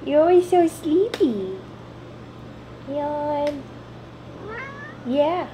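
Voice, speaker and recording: Young woman, high and very unhurried, doting pet-owner baby talk, cat meows behind. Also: sing-song, slight background noise. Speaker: vlogger. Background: cat meowing.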